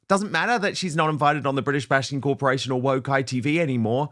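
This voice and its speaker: A man's voice: mid-range voice, quick pace, fairly bright tone. A man hosting a political talk show, delivering his lines in an emphatic, rousing way. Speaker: host.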